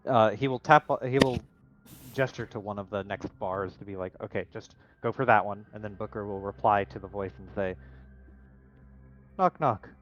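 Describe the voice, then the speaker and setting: Lower-voiced joking man, lo-fi mic. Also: fairly quick. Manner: joking and animated. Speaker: tabletop player. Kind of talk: casual tabletop play.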